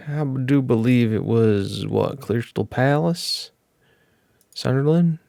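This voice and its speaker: A young man chats through his game like he is catching up with regular viewers, wandering between thoughts and fixing his slips as he goes. His pitch sits in the middle range for a man. The recording is dry and close, with no room around the voice. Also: animated, measured pace, gravelly, darkish tone, no echo. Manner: chatty, rambling, with fillers and self-corrections. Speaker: gaming video host. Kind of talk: casual gameplay commentary.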